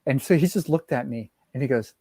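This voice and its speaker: A man's voice: mid-range voice, brisk, warm tone, slightly rough, dry recording. A man in casual chat as a guest, rambling with frequent laughs and restarts, over a video call. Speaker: guest comic art collector.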